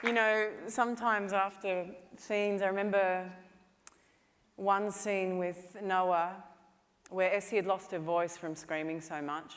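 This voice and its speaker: A woman's voice: mid-range voice, steady tone, slow. A woman film director giving a conference talk, telling stories in a chatty way with lots of "you know" fillers. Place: conference hall stage. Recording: long hall reverb.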